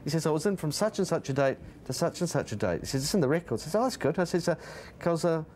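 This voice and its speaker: A man's voice: a little high, lively intonation, very fast, a little mellow, a little hiss or hum. A man with a New Zealand accent, interviewed in a pub, telling brash anecdotes with a chuckle. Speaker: interviewee, former tabloid consumer reporter.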